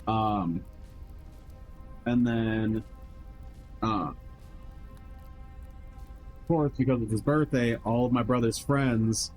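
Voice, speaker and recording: A man's voice: medium pitch, slow pace, pauses often, a little mellow, faint music behind, poor audio. A man streamer telling a long, rambling story in casual chat, heavy on swearing and filler words, acting out what others said. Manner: rambling, profane, lots of fillers and quoted voices.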